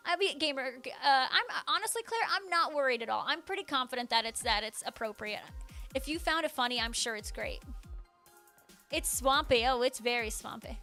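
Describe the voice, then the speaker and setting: A woman's voice: high-pitched, lively intonation, fairly quick, bright, forceful tone, faint music behind. A woman livestreamer casually chatting and answering her chat, full of "like" fillers and bursts of surprise.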